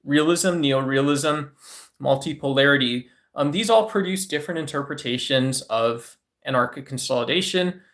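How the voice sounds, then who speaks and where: A man talking to his livestream chat in a casual, wandering way. He fills his sentences with "um" and "you know", and he often checks in with a quick "right?". His voice sits at an ordinary middle pitch. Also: a bit bright. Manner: rambling, with frequent filler words and tag questions.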